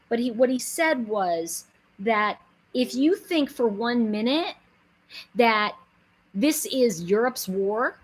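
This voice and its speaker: A middle-aged woman giving an animated inspirational talk to her viewers, telling stories, acting out quotes and building to emphatic pleas. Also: medium pitch, slightly rough, low-quality recording. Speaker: spiritual speaker and host.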